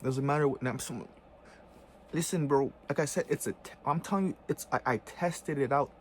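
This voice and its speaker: A man's voice: mid-range voice, moderate pace, slight background noise. A man in a heated, casual vlog rant, full of profane slang and repeated fillers. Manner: heated, profane slang, repeats "bro" and "you know what I'm saying". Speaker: vlogger.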